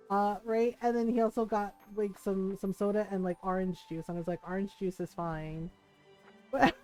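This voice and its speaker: A woman streams a farming game, chatting casually and telling stories as she plays, acting out quotes and laughing a lot. Her voice is a little high and slightly mellow, at a moderate pace, with soft background music and poor audio quality.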